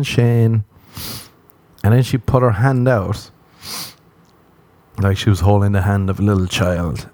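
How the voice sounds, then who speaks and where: A man's voice: lowish voice, warm tone, no room sound. A man riffing through a rambling comedic monologue, swearing freely, mocking himself and breaking into laughs. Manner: profane, self-mocking, laughs often; loose storytelling with asides.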